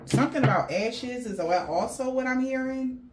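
A woman's voice: on the high side, moderate pace, darkish tone, a little hiss or hum. A woman giving a casual spiritual reading, rambling and blunt, swearing freely. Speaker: tarot reader.

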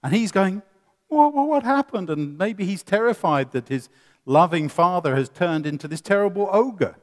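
A man preaching a sermon, swinging between loud emphasis and quiet asides, with many rhetorical questions. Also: on the high side, lively intonation, moderate pace. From England. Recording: long reverb of a hall.

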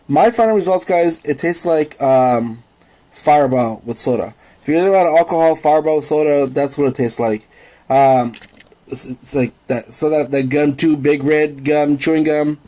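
Congested dad vlogger, mellow voice. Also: male voice, fairly high pitch, low-quality recording. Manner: easygoing, rambling, talks to viewers as "guys". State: congested from a cold. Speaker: family vlogger hosting a taste test. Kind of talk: casual home video chat.

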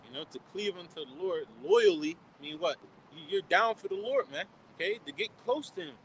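A man with a fairly high voice preaches outdoors in a loose, conversational Bible study. He ends almost every line with "man" or "okay?" and poses questions he answers himself. Faint street traffic hums behind him. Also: sing-song, brisk, a bit bright, rough recording. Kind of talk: informal outdoor Bible teaching.

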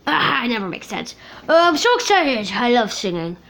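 A woman voicing a greedy, threatening male thug plush in a puppet comedy, gruff and menacing. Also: on the high side, big pitch swings, moderate pace, heavy background noise, voice pushed down. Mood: scheming.

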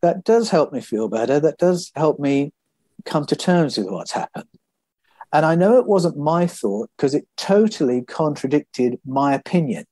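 A man's voice: on the high side, lively intonation, unhurried, warm tone, no echo. A man being interviewed as an author, telling personal stories in a reflective, thoughtful way. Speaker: author guest. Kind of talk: podcast interview.

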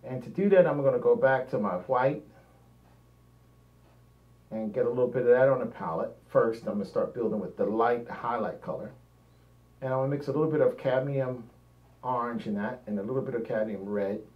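A man's voice: mid-range voice, fairly quick. A man narrating a painting demonstration, thinking aloud as he works and often trailing off mid-sentence. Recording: roomy, dull lo-fi sound, mic at a distance.

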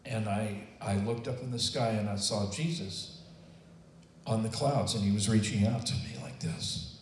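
Older man, earnest testimony, lowish voice, heard from a distance in a roomy space. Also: measured pace, slight background noise. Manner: earnest, emotional, quotes himself and others in acted voices. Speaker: testimony speaker. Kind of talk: personal testimony storytelling.

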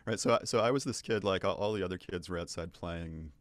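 Deep-voiced New England man, playful. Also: fast talker, no echo. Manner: playful, laughs often, repeats words as he starts. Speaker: podcast guest. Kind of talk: casual interview chat.

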